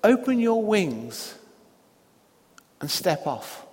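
A wise, calmly commanding eagle, as a preacher puts him on, speaking slowly and deliberately. The man's voice sits fairly high and carries a long hall reverb. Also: breathy edge, exaggerated voice. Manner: calm, gently commanding.

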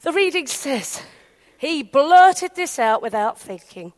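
A woman from England speaks slowly in a high voice, delivering a sermon through chatty, animated stories where she acts out the characters and their quotes.

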